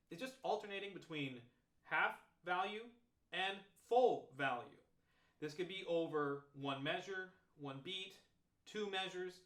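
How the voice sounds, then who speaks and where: Man teaching trombone practice, echoey room. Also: on the high side. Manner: relaxed, explanatory, talks through examples step by step. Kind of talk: demonstrating practice techniques. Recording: roomy echo.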